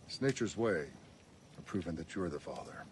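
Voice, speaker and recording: A deep-voiced stern rancher. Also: male voice, lively intonation, normal speed, background noise. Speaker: drama character in a clip.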